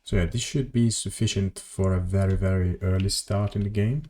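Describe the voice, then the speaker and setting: A man's voice: low-pitched, steady tone, moderate pace, dark tone. A man streaming a game from his home office, chatting casually and rambling as he plays, correcting himself and answering chat. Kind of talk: casual gameplay commentary.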